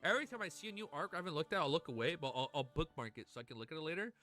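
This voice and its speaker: Excitable, lively-voiced male streamer. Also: a little high, racing. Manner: excitable, swears often, gushes and laughs. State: emotional, near tears. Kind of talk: casual livestream chat.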